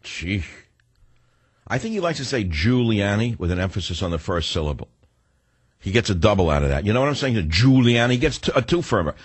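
A man's voice: fairly low pitch, slightly rough, dry recording. An older man hosting a talk radio show, delivering a combative, sarcastic, rambling monologue.

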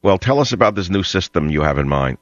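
A man's voice: low voice, animated, fast talker, a bit bright, no echo. A man hosting a talk radio show, ranting sarcastically and drifting between stories. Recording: dull lo-fi radio sound.

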